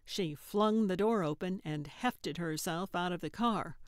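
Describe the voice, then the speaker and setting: A woman narrating a cozy mystery audiobook in measured, even storytelling on a close studio mic. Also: on the low side, dry recording. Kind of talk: scripted narration.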